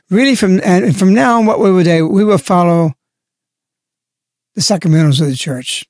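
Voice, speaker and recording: A man's voice: high voice, a little slow, pauses often, darkish tone, no room sound, studio quality. A man giving a spoken religious reflection, stressing and repeating key words as he explains. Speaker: lay religious speaker.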